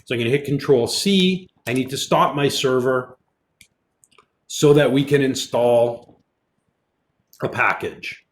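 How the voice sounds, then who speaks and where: A man, a college instructor, giving a relaxed online programming lecture, explaining as he goes with fillers, with keyboard typing in the background. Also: medium pitch, measured pace, pauses often. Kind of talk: recorded online lecture with screen demo.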